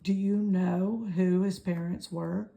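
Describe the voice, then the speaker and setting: A woman voicing an old gray female goose in a storybook read-aloud, speaking in a brisk, scolding, matter-of-fact way. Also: fairly low pitch, steady tone, vocal fry, dark tone.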